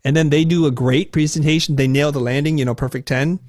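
A man in his forties tells candid stories about himself with self-deprecating humor. He is animated, and his voice leaps up high and squeaky whenever he quotes his nervous younger self. The recording is dry and close, with no room sound. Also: quick pace, no room sound. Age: 40s. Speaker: guest. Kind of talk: candid conversational storytelling.

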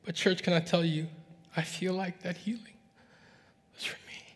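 A man preaching a sermon, telling a story to his church in a relaxed, conversational way. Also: sits high, moderate pace. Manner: conversational, recounting dialogue. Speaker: pastor. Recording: reverberant hall sound.

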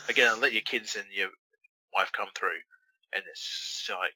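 A man's voice: fairly low pitch, normal speed, sharp tone, breathy edge, no echo, poor audio. A man co-hosting a wrestling watch-along, teasing his friend with crude, mocking, profane banter.

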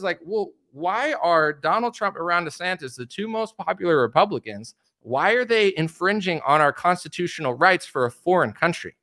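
Young man, political rant, animated, repeats himself, higher-pitched voice. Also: moderate pace, few pauses. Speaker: political commentator.

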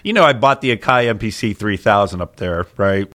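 A man with a Pittsburgh accent, co-hosting a podcast in casual chat, rambling and animated as he tells stories. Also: lowish voice, a little fast. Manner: rambling, animated storytelling with restarts. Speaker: podcast co-host.

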